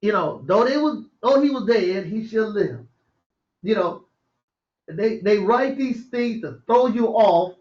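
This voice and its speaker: A man teaching scripture like a preacher. He reads verses slowly and then explains them in a casual, conversational way, often chuckling to himself. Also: high voice, lively intonation, a little mellow. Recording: roomy, dull lo-fi audio.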